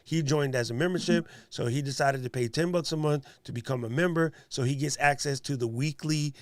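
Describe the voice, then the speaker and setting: A man's voice: on the high side, brisk, no room sound. A man with a New York accent hosting a livestream, chatting casually and joking with a guest and viewers. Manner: animated, joking, talks to viewers and chat. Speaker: livestream host.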